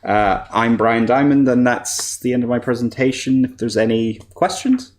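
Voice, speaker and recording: At a developer meetup, a composer and voice actor with a mid-range voice speaks at normal speed in a casual presentation. His manner is relaxed and self-deprecating, with frequent laughter.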